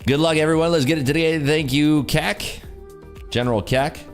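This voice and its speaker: A man's voice: a little high, fairly even intonation, normal speed, faint music behind. A tired man hosting a day-trading livestream, joking and reading chat aloud in casual talk.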